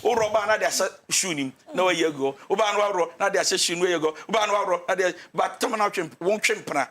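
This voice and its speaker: Man, Ghanaian accent, pastor, marriage counsel, slightly high-pitched, acts out couples' quarrels. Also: fast talker. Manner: lively, mixes English and Twi, acts out couples' quarrels. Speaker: pastor giving marriage advice. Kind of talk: animated talk-show counsel.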